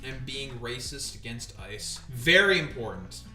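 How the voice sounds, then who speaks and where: A man's voice: medium pitch, very animated, a little slow, pushed and bright, roomy sound, soft background music. A man ranting on a live stream in a profane, sarcastic, exasperated way.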